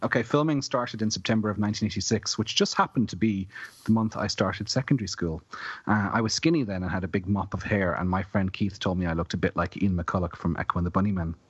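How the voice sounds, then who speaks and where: Husky low-voiced man, wry. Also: quick pace, no echo, dull audio. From Ireland. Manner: wry, reads trivia notes aloud. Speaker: podcast co-host. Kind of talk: casual film podcast chat.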